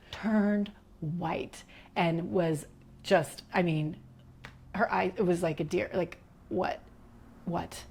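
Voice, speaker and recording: A middle-aged woman, a podcast guest, telling a personal story in an animated way, acting out quotes and dropping into whispers. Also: on the low side, gravelly, husky.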